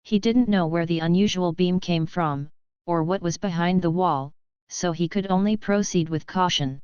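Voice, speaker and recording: A woman reading a novel aloud as an audiobook narrator, in an even, measured way. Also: fairly low pitch, clean tone, no room sound, lo-fi sound. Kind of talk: scripted narration.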